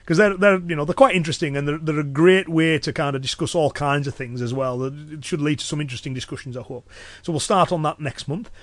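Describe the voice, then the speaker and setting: A man with a Cumbrian accent hosting a podcast alone, talking in a relaxed, chatty way with lots of fillers. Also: fairly high pitch, quick pace, no room sound. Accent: Cumbrian English. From Cumbria, northwest England. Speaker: podcast host and self-protection instructor. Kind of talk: solo podcast talk.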